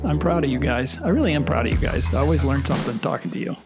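A man's voice: medium pitch, animated, fast talker, vocal fry, loud music behind the voice. A middle-aged man hosting a casual political podcast with his sons, wry and rambling, often trailing off. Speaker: podcast host and father.

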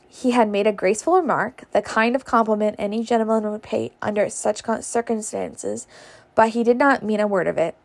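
A woman reading a novel aloud in a relaxed, unpolished way, with a gravelly, creaky voice. She trips over words from time to time and keeps going. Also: medium pitch. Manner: stumbles and laughs at slips. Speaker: reader. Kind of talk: casual audiobook reading.

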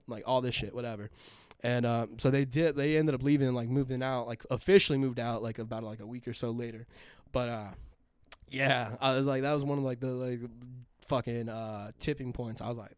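A young man chats casually on a podcast, swearing freely and circling back with lots of fillers and restarts. His voice is smooth and clear, mid-pitched, and sits in a very dry, close space. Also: no room sound. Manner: profane, rambling, full of fillers and restarts. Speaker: podcast co-host. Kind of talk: casual storytelling chat.

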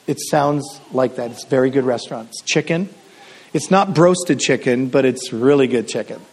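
A man's voice: mid-range voice, moderate pace, a little mellow, breathy edge. A middle-aged man from Canada preaching a sermon as a pastor, telling stories casually with frequent restarts and fillers.

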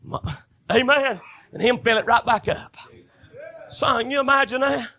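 A man preaching a fervent sermon, building to shouted bursts. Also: extremely high pitch, normal speed.

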